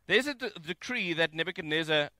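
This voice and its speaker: A man giving a conversational sermon from home, reading scripture and mixing in jokes with an animated delivery. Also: a little high, a little fast, dry recording. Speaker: preacher. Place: home, during isolation.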